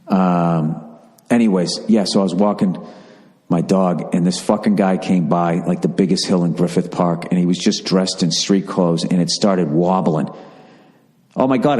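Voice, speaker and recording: A man's voice: low-pitched, darkish tone, long reverb tail. Profane rambling male podcast host. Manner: rambling, profane, reading listener requests aloud. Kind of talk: casual podcast monologue.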